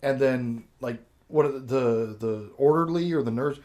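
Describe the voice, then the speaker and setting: A man's voice: medium pitch, normal speed, a little mellow. A man hosting a podcast, telling a long, rambling story in casual chat, swearing freely and laughing as he goes. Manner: profane, rambling, laughs through his own story. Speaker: podcast host.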